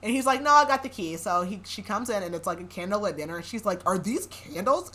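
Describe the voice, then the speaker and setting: A woman's voice: mid-range voice, expressive, quick pace, fairly bright tone. A young woman hosting a podcast, recapping a novel in a chatty way, with sarcastic asides and frequent laughs. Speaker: podcast host. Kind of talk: casual book recap.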